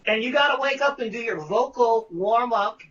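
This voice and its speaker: A man, a guest, telling profane, animated stories in casual conversation over a video call. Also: very high-pitched, moderate pace, distant mic, dull audio, a little hiss or hum. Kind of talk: casual storytelling.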